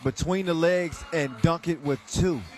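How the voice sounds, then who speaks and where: A man giving live, joking commentary on a dunk contest, excitable and chuckling between calls. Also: a little high, a little slow.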